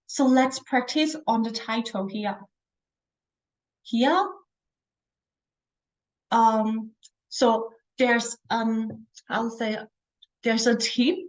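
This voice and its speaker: A woman teaching pronunciation in English, patiently modelling each tone with drawn-out vowel sounds. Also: fairly high pitch, low-quality recording. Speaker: Chinese language teacher. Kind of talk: slow pinyin tone lesson.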